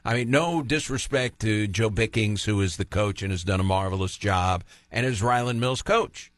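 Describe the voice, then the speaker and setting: A man's voice: lowish voice, moderate pace, no echo. A man hosting a sports radio show, talking casually and with opinions, and telling stories from the studio. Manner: chatty, opinionated, storytelling.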